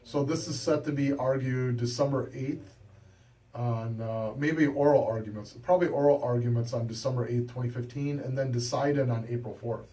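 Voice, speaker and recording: Pria pembawa acara bincang radio, sarkastis. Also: male voice, medium pitch, normal speed, warm tone, distant mic, low-quality recording. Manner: sarcastic, jokey, reads from an article. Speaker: radio talk show host. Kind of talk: casual political talk chat. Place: radio studio.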